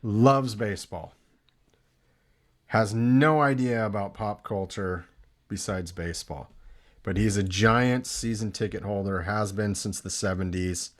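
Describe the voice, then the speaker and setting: A man hosting a podcast, casually telling a funny story and acting out the people in it. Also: on the low side. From Santa Cruz area, California. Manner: animated anecdote teller, acts out quoted voices. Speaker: podcast host.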